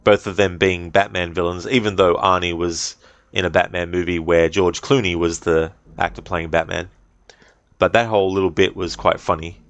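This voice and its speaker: Deep-voiced Australian streamer. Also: male voice, level tone, normal speed, no room sound, dull audio. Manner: rambling, friendly chat with fillers. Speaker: game streamer. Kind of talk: casual live-stream chat.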